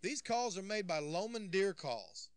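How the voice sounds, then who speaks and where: An actor voicing an announcer reading promotional lines inside a hunting video game. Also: male voice, big pitch swings, a little slow. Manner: announcer-style pitch. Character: adult male ad announcer for game calls. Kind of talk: scripted promotional voice-over.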